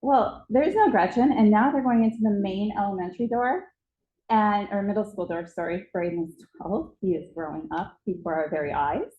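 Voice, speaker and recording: A woman's voice: mid-range voice, moderate pace, echoey room, phone-quality sound. A woman speaking at a conference, telling a vivid story about a child and acting out its moments. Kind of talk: storytelling presentation. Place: conference hall.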